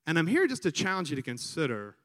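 A man from Alabama with a Southern American accent, a priest preaching a sermon and telling stories with lively crowd imitations. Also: fairly high pitch, fast, long reverb tail. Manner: animated storyteller, imitates crowds. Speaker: priest, vocation director. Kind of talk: sermon with storytelling.

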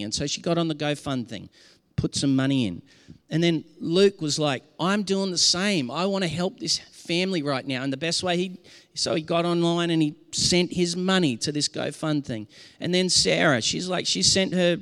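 A man's voice: on the high side, a bit bright, smooth, in a large hall. A man preaching a sermon as pastor, earnest and impassioned, often restarting his sentences.

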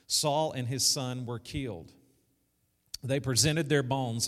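A South Arkansas pastor with a mid-range voice preaches slowly and conversationally in a church sanctuary, repeating key lines and calling out to the congregation. The recording has the echo of a church hall.

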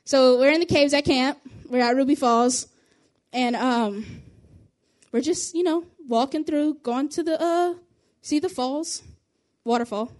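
Young woman youth leader telling a story from her faith life, high voice, chatty, fast, giggles here and there. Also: a little mellow. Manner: chatty, quick, laughs between phrases. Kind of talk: casual spoken testimony.

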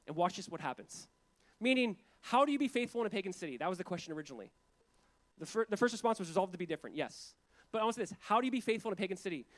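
A man preaching a sermon to his church in a casual, joking style, full of asides and quick laughs. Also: high-pitched. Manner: conversational, jokey preaching with frequent asides and laughs. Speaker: pastor.

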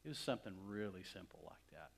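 A middle-aged man from West Texas preaching a sermon, swinging from loud emphatic lines to hushed near-whispers. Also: low-pitched, animated, quick pace, gravelly, slight background noise. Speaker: pastor.

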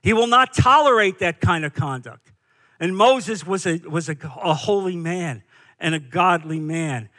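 A man's voice: sits high, a little slow, pushed and bright. A man preaching a sermon as pastor, emphatic, with rhetorical questions and repeated phrases.

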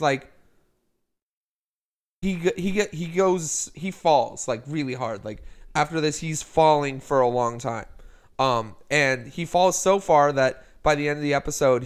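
A man co-hosts a casual podcast chat. He rambles through a plot recap in a fairly high, smooth, clear voice, quoting the characters' lines as he goes. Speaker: podcast co-host.

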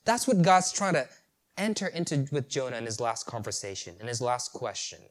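A man preaching a sermon, animated, asking rhetorical questions and chuckling at the story. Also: medium pitch, brisk.

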